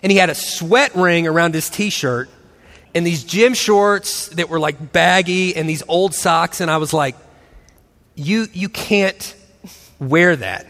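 Animated high-voiced man in his forties. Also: a little slow, in a large hall. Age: 40s. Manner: animated, acts out voices and laughs often. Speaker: christian speaker and husband. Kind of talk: storytelling talk.

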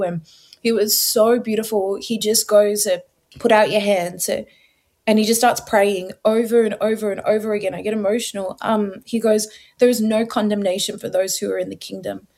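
Animated woman telling her story. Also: medium pitch, moderate pace. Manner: animated storyteller, acts out her past self in quotes; casual filler-heavy speech. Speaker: interview guest. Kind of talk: personal testimony in conversation.

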